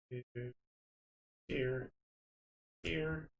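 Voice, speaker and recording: A man's voice: medium pitch, unhurried, fairly bright tone. Chatty man in an echoey room. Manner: chatty, self-mocking, talks to viewers while shuffling. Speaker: host playing a card game on stream. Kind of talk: casual live-stream chat, reading rules aloud. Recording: roomy echo with faint background noise.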